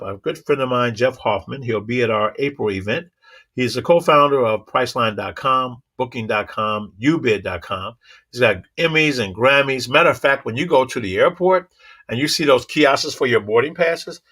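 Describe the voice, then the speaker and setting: A man giving a motivational talk, telling animated stories with sound effects and rhythmic, preacherly repetition. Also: medium pitch, moderate pace. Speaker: motivational speaker.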